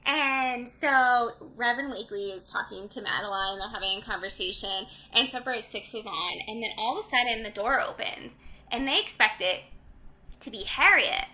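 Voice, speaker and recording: A young woman co-hosting a book podcast, casually retelling a story with lots of "like" and animated quotes. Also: a little high, moderate pace, low-quality recording. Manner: chatty, lots of "like", animated quoting. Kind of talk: casual chat retelling a novel's plot.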